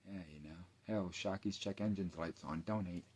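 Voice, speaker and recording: A man's voice: low-pitched, moderate pace, darkish tone. A man, rambling through a late-night rant full of profanity. He often trails off into mumbles, and there is a faint hiss of background noise behind him. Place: home, indoors at night.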